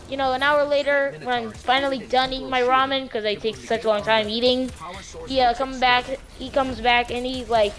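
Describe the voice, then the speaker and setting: A woman casually telling a true story on her vlog in a rambling, slangy, animated way. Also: high voice, brisk, faint music behind.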